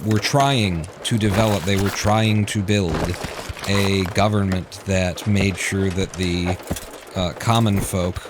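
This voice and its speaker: A man with a low voice chats loosely while he plays, wandering from one tangent to the next. He drops curse words offhandedly and often trails off mid-sentence to start over. Steady clicking sits clearly under his voice. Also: background noise. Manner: digressive, swears casually, trails off and restarts. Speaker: game streamer. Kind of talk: rambling commentary while playing.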